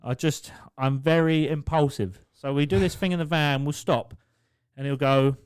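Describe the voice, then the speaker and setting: A man's voice: on the high side, steady tone, moderate pace, a little mellow, clear, resonant tone, dry recording. A young man co-hosting a podcast, telling stories in a loose, swearing, laugh-prone way. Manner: swears, laughs through his own stories. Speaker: podcast co-host. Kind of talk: casual storytelling chat.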